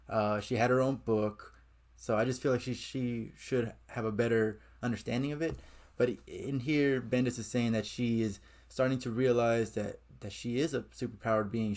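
A man's voice: mid-range voice, a little mellow. A man talks through a comic book review in a loose, conversational way. He recaps the plot and keeps adding his own opinions as he goes.

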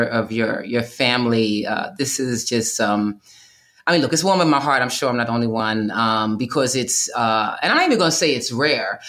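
A man hosting a relaxed conversation. He circles his point, restarting sentences and leaning on fillers as he builds toward a question. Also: mid-range voice. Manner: halting, many restarts and fillers. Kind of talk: casual conversation.

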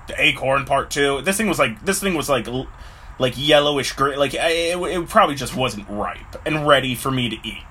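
A man's voice: on the high side, bright, forceful tone, slight background noise. A man talking casually to camera in a rambling way, full of fillers, acting out little voices as he goes. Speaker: vlogger.

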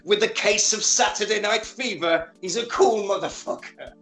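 A man's voice: high voice, moderate pace, sharp tone, reverberant, faint music behind. A man casually recapping a film plot on a podcast, swearing and acting out lines as he goes. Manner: retells scenes with acted-out quotes and swearing.

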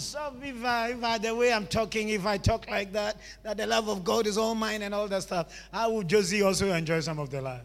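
A man's voice: sits high, fairly even intonation, brisk, hardly any pauses, in a large hall. A man preaching a sermon, emphatic and repetitive, calling on the congregation to repeat after him.

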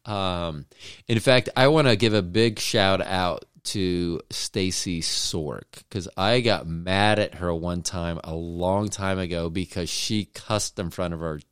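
A middle-aged man with a smooth, resonant, fairly low voice rambles and teases his co-host in a loose podcast chat. He swears freely and keeps a playful, joking tone. The sound is dry and close, with no room around it. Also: slow pace, a bit bright, dry recording. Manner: joking, teasing, profane. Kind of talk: casual chat.

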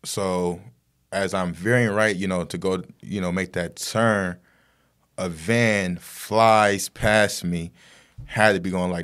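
A man's voice: low-pitched, fairly bright tone. A man talking as a guest, telling a story in a rambling casual way with lots of fillers and tag questions.

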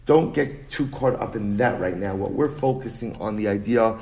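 Lively rabbi teaching Talmud, English. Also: male voice, on the low side, normal speed. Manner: animated, conversational, reads Aramaic then explains in English; frequent "right?" and restarts, storytelling tone. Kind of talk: Talmud lecture.

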